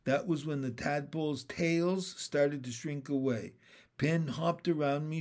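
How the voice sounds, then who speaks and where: A man reading a children's storybook aloud in a lively, unhurried way. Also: on the high side. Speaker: reader.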